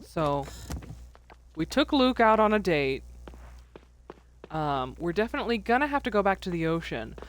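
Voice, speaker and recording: A woman's voice: medium pitch, very animated, normal speed, pauses often, a little hiss or hum. A woman streamer giving chatty, playful commentary while playing a farming game, humming and singing little tunes to herself, at a desk mic. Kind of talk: let's play commentary.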